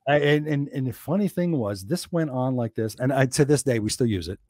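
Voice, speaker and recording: A man's voice: mid-range voice, brisk, dry recording. A man from New Jersey, a guest on a podcast, telling stories in a casual chat and acting out the quotes. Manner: animated storyteller, acts out quotes.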